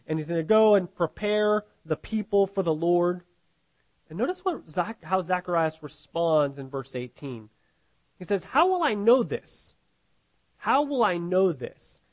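Male pastor, high-pitched voice, chatty sermon delivery with rhetorical questions. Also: darkish tone. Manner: conversational, rhetorical questions, frequent restarts. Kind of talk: sermon teaching.

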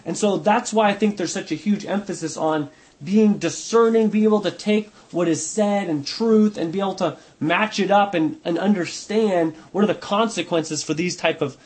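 A man's voice: high voice, normal speed, a little mellow. A man leading an informal Bible study, talking conversationally and thinking aloud as he explains a passage.

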